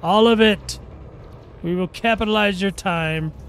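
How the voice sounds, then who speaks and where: A man's voice: high-pitched, a little slow, a bit bright, slight background noise, voice pushed up. A man putting on the sarcastic, commanding voice of a greedy game developer. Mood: mocking.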